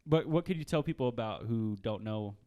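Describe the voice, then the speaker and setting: A man hosts a casual podcast in a fairly low voice. He talks in an easygoing, halting way, with plenty of fillers and small laughs as he chats with his guest. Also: animated, dark tone, smooth, dull audio. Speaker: podcast host. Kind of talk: casual interview chat. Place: small room, mics close.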